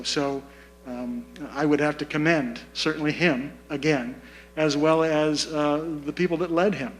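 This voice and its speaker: A man speaking at a community forum, deliberate and measured, repeating his key points. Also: a little high, a little hiss or hum, rough recording. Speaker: community meeting participant. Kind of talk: public comment at a community forum. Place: meeting room.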